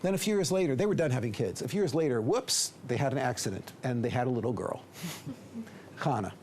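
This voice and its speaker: A middle-aged rabbi from the United States giving a storytelling lecture, acting out dialogue and at times dropping to a whisper. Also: male voice, mid-range voice, fairly quick, a little hiss or hum. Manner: lively storyteller who acts out dialogue and drops to a whisper.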